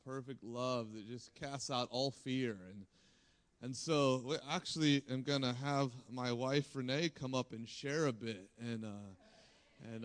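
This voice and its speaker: A man preaching to a church and praying softly, often restarting with fillers. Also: medium pitch. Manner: halting, many restarts and fillers, breathy hushed prayer. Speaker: pastor. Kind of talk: sermon with prayer.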